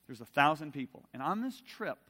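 A middle-aged man preaching a sermon, swinging from loud emphasis to soft intimacy and asking the audience direct questions. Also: fairly high pitch, sing-song, fairly quick, in a large hall.

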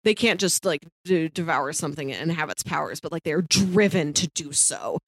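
A woman chats casually on a book-club podcast, recounting the plot with animated enthusiasm. Her voice sits low and sounds dry and close. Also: moderate pace, dry recording. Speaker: podcast co-host.

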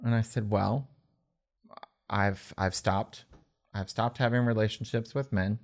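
A man telling his personal faith story in an earnest, halting way, with many restarts. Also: fairly low pitch, fairly even intonation. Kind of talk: personal testimony in conversation. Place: indoors at a table.

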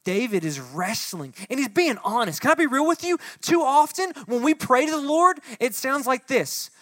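A man's voice: animated, moderate pace, no room sound. Young male pastor, conversational sermon, dry close sound, dynamic delivery. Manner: shifts from soft and low to loud and impassioned when reading the psalm; addresses the room directly, conversational asides. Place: church hall before a congregation.

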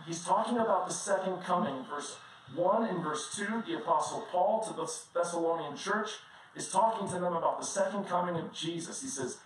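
A man preaching a sermon as a pastor, telling personal stories in a conversational, animated way and often laughing as he talks. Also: high-pitched, normal speed. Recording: very echoey room, distant mic, faint noise.

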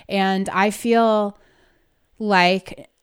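A woman's voice: mid-range voice, fairly even intonation, very slow, clean tone. A woman co-hosting a podcast, talking in a casual, emphatic way and laughing through her frustration. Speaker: podcast co-host. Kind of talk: casual conversational podcast chat.

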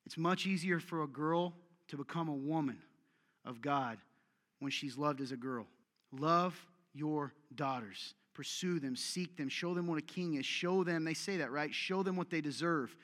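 Bright, forceful male preacher in hall. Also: fairly high pitch, moderate pace. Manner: exhortative, direct, repeats commands for emphasis. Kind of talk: sermon. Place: church meeting room with audience.

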